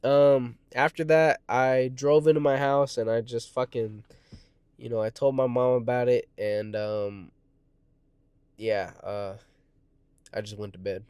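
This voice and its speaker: A man in his twenties tells a personal story casually and ramblingly, swearing constantly, restarting, and often correcting himself. His mid-range voice is smooth and darkish with little pitch movement and an unhurried pace, recorded with no room sound.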